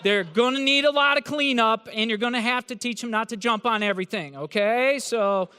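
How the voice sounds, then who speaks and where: A man's voice: extremely high pitch, a little fast, sharp tone, smooth. A male professor giving a humorous, sarcastic talk to new college students in a large hall. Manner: sarcastic, teasing, joking delivery. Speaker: university professor.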